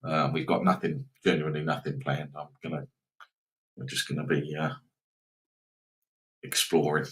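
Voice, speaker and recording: A man's voice: extremely low pitch, flat delivery, normal speed, long pauses, a bit bright, poor audio. A man hosting a live betting stream, rambling casually and reacting to football scores and viewers.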